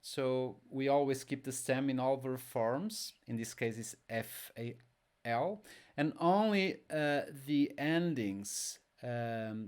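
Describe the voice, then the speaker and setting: A man's voice: medium pitch, darkish tone. A man teaching an online language lesson, patient and repetitive, drilling each word aloud. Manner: slow, patient, repeats words for drill.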